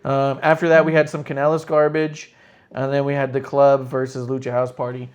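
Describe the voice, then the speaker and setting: A man's voice: medium pitch, level tone, fairly quick, dull audio. Profane, ranting male wrestling podcast co-host. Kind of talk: casual chat.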